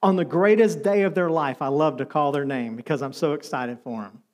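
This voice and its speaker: A middle-aged male pastor preaching a sermon, telling stories and moving between lively and soft, tender delivery. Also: fairly high pitch, fairly quick.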